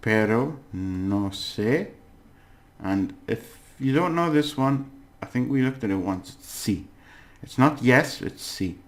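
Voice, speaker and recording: A man's voice: mid-range voice, expressive, unhurried, hardly any pauses. A man teaching a casual language lesson, chatty and self-correcting, laughing at his own slips.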